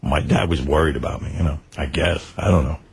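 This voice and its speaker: A man's voice: rumbling low, a little fast, vocal fry, husky. Rambling, self-deprecating male radio host. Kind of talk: radio talk show chat. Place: radio studio.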